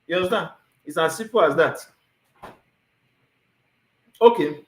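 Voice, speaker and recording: A man with a Nigerian accent hosting a livestream Q&A, lively and often asking "you understand?" as he mixes pidgin into his English. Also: fairly high pitch, unhurried, echoey room, poor audio. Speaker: immigration consultant, livestream host. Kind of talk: livestream Q&A, reading viewer questions.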